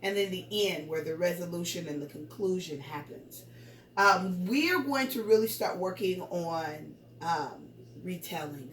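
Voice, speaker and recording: A woman teaching a young class to read, with a slightly low voice. She is patient and encouraging and reads sample sentences slowly with exaggerated intonation. She sounds a little distant from the mic, in an echoey room. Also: fairly bright tone, a little hiss or hum. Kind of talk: early-grades remote reading lesson.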